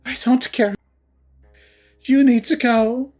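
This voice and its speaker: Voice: medium pitch, steady tone, slow, a little mellow, soft background music, pitched above the performer's own voice, close to an everyday voice. A narrator voicing a young female cat, frantic and unstable, screaming with a cracking voice. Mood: screaming threats. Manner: shrieking, voice cracking.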